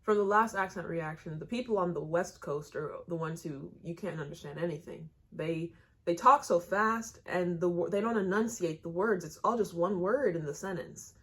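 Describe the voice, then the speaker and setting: A fairly low-pitched American woman runs her reaction channel in loose, casual talk. She is blunt and chatty, and her thoughts tumble out in run-on asides. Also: normal speed, a bit bright. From United States.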